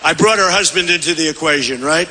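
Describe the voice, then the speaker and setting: A man's voice: on the high side, quick pace, heavy background noise. A man giving a rambling, repetitive campaign rally speech from a podium in a large convention hall. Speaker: political candidate at a rally. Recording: long reverb of a big hall.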